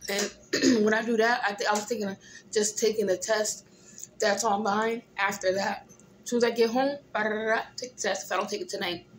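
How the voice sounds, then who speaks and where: A groggy, tired young woman, casually chatting in a vlog from a hospital room, often clearing her throat. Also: mid-range voice, steady tone, a little fast, a little hiss or hum. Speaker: vlogger. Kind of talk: casual vlog chat while eating.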